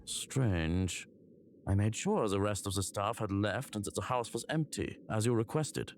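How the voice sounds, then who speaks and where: A man voicing a calm, protective male servant who speaks in a measured, businesslike way. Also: on the low side, a little hiss or hum, pitched below the performer's own voice.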